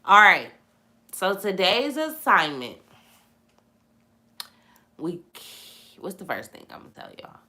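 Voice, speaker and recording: Bright-voiced woman preaching casually. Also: mid-range voice, slow, pauses often. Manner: animated, preachy, repeats phrases for emphasis. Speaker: host of a live Bible chat. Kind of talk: casual live-stream Bible talk, reading viewer comments.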